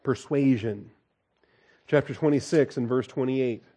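A man's voice: mid-range voice, measured pace, warm tone. A man teaching a Bible study in a folksy, conversational way, reading scripture aloud and breaking off to comment with a chuckle.

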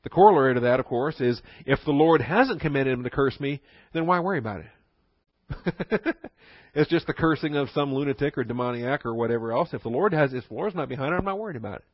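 Brisk and animated, a medium-pitched male pastor preaches a Bible study sermon like a conversation, punctuated by jokes and chuckles. The sound is lo-fi, without any room echo.

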